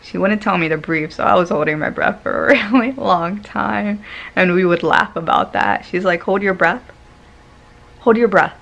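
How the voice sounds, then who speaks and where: Animated woman telling a personal story. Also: on the low side, moderate pace, gravelly. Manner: animated, laughs often while telling; swings between loud and hushed tones. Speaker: vlogger. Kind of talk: casual storytelling vlog.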